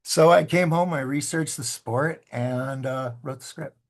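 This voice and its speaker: A man's voice: a little high, unhurried. A man, a filmmaker guest, telling stories in a casual interview and acting out the voices of the people he quotes. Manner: animated, acts out quoted dialogue.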